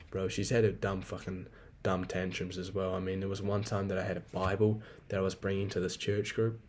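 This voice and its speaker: Young guy in his 20s hosting a solo podcast, low-pitched, loose and profane, rambling and venting. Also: darkish tone, a little hiss or hum. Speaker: podcast host. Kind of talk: casual solo podcast monologue.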